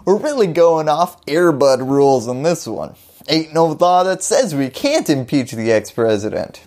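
Woman, deep voice, very lively intonation, scripted explainer host, wry humor. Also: unhurried. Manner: wry, jokey asides.

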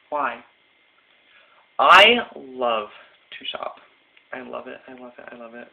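A young man vlogging casually into a phone, giggly and rambling with lots of fillers. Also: on the high side. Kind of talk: casual tag video chat. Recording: tinny phone-quality audio.

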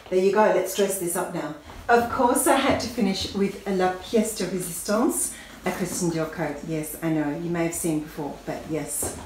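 A woman chatting enthusiastically about styling outfits, explaining each choice as she goes. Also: fairly low pitch. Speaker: fashion vlogger. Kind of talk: casual fashion styling talk to camera. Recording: very echoey room with faint noise.

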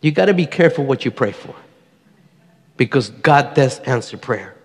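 A man's voice: mid-range voice, expressive, normal speed. A middle-aged man giving a personal testimony to a congregation, an earnest storyteller who acts out the voices he quotes. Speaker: church member giving testimony. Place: church sanctuary. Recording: long church hall reverb.

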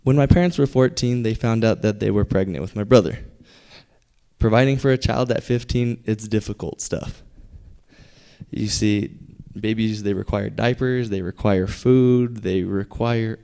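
Mellow-voiced young man telling a story. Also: on the low side, vocal fry, smooth. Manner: conversational, building to punchlines with pauses. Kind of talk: live personal storytelling. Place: theater stage.

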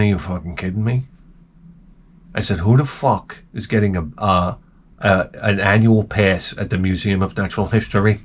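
A man hosts his own video and rants through a story in a loose, profane way. He jumps between loud outbursts and quiet muttered asides, restarting his sentences as he goes. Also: on the low side, slight background noise. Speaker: video host. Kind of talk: rambling comic rant to camera.

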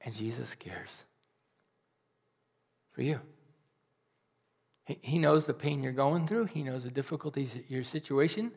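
A man preaching a sermon as a pastor, earnest and pleading, swinging between loud rises and soft, almost whispered drops. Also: medium pitch, animated, measured pace, vocal fry, pauses often, slightly rough.

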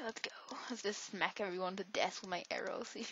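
A woman's voice: medium pitch, fairly even intonation, moderate pace, fairly bright tone, husky. A woman giving casual, rambling let's-play commentary, joking and talking to herself as she plays. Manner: rambling, jokey, talks to herself. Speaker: gameplay commentator. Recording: dull lo-fi recording.

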